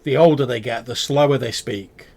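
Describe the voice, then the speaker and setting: A man's voice: medium pitch, moderate pace, a little mellow, slight background noise, close to an everyday voice. A man voicing a fawning rat-faced male goblin merchant who stammers through eager sales patter. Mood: chatty.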